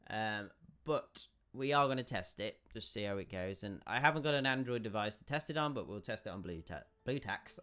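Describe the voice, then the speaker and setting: Gamer guy, croaky and bunged up, bright and animated, rambling commentary over faint game music. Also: fairly low pitch. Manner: rambling, thinking aloud with frequent restarts. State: congested and croaky. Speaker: gaming YouTuber. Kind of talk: gameplay commentary.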